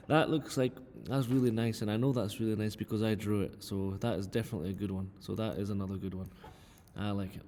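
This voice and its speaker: A man's voice: on the low side, steady tone, fast talker, warm tone, in a large hall. A man who is a physics teacher, telling a casual story and mockingly judging drawings. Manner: playful mock-outraged teasing.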